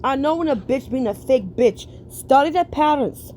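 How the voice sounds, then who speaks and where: A woman streamer giving a blunt, profane reaction rant, preaching in slow, drawn-out emphatic phrases. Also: sits high, animated, darkish tone, slight background noise.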